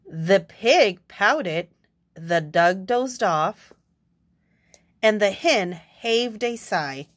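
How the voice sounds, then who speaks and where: Young woman, picture-book read-aloud, slow and expressive, asides to listeners. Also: medium pitch. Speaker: storyteller.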